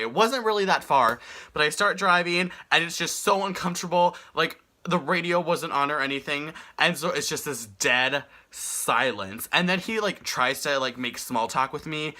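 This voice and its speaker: A young man telling a story on his vlog in an animated, exasperated way. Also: fairly high pitch, fairly quick. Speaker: vlogger.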